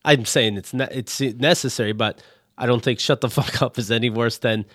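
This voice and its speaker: A man's voice: medium pitch, fairly even intonation, normal speed, fairly bright tone, dry recording, studio quality. A man hosting a casual chat, cutting in with wry jokes and questions. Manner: wry, joking interjections.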